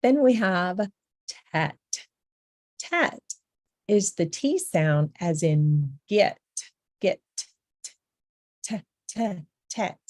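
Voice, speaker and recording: Slow, patient female teacher for a beginner lesson; lowish mellow voice, repeats each sound. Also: very animated, no room sound, studio quality. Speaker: language teacher.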